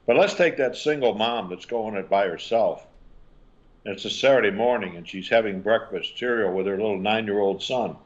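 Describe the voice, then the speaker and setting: Older man, parenting-author guest, lowish voice, animated storyteller; dull lo-fi recording. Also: normal speed. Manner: animated storytelling, acting out quotes. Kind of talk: interview answers.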